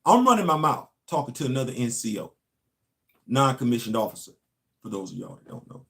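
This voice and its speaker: A man's voice: mid-range voice, sing-song, fairly quick, creaky, pauses often. A man, a show host and former Marine, telling a long casual story and asking his listeners rhetorical questions.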